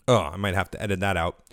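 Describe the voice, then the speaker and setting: A man's voice: low voice, fairly bright tone, a little hiss or hum. This is a man hosting a podcast by himself, speaking in a casual, rambling way. He corrects himself mid-phrase and drifts between thoughts. A cold he is getting over has left his throat dry. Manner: rambling, self-correcting, conversational. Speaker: podcast host. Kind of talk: casual solo podcast commentary.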